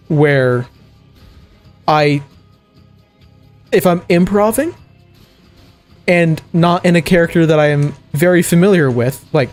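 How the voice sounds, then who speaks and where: A man's voice: a little high, a little mellow. A man from the American South streaming a video game, rambling in a chatty way with frequent laughs and fillers. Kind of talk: casual gameplay chat. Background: faint game music.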